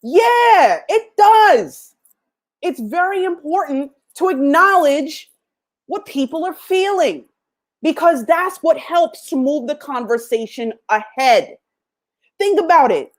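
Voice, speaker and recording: A middle-aged woman hosting a podcast, giving a motivational talk with animated storytelling, acting out past dialogues and laughing often. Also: sits high, slow. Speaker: podcast host.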